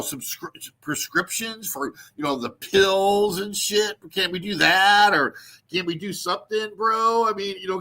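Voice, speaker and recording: A man rambling through a livestream, crude and full of fillers, often breaking into laughter. His voice is bright and a touch high, with a forceful edge. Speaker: livestream host. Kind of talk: rambling casual livestream chat.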